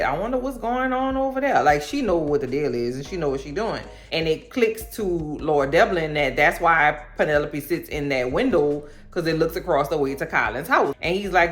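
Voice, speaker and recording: A woman's voice: fairly low pitch, fairly bright tone. A woman, chatting casually and animatedly as she recaps a TV show and acts out the characters' lines in slangy storytelling. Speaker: recap vlogger.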